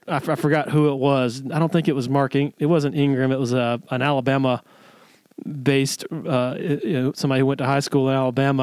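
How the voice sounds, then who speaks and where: A man co-hosting a podcast, telling stories in an animated way and laughing often. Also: medium pitch, a little fast, clear, resonant tone. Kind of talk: storytelling podcast chat.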